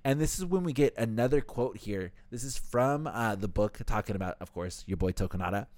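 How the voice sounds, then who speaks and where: A man's voice: on the low side, animated, a little fast, a little mellow, no echo. A man hosting a podcast, recapping a novel chapter in loose casual chat, swearing freely and reading passages aloud. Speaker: podcast host.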